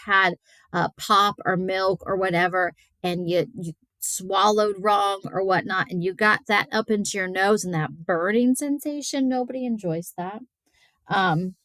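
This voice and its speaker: A woman's voice: lowish voice, a bit bright, no echo. Lady teacher going through anatomy notes, casual and rambly, lots of ums, dry close sound. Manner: chatty, many fillers, stumbles over hard words. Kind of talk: recorded lecture on anatomy.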